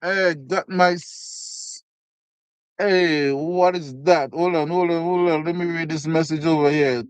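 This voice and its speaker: A man's voice: a little high, steady tone, a little slow, clean tone, no echo. A man from Canada hosting a casual live stream, chatting with viewers, thanking them by name and reading comments aloud as he eats. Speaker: livestream host. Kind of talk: casual live chat while eating.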